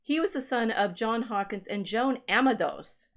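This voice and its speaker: A woman's voice: a little high, normal speed. Woman musing over family records. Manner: musing aloud while reading out family records. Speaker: podcast co-host and historian. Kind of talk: casual livestream chat.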